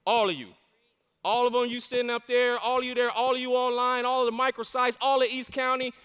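Fired-up male pastor preaching, high crisp voice, big echoey church hall. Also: flat delivery, fairly quick, fairly bright tone. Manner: fervent, emphatic preaching with call-and-response. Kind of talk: sermon. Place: large church sanctuary. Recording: long reverb of a large church hall.

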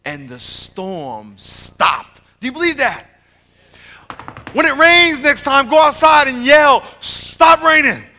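A man teaching a Bible lesson in a lively sermon style, joking and swinging between loud and quiet. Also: takes it slowly. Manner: animated, jokey, swings from loud to low.

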